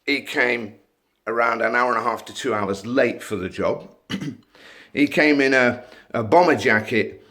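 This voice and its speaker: A middle-aged man talks to camera as a door supervisor. He is blunt and swears freely. His voice sits at an ordinary middle pitch. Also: unhurried, bright, forceful tone.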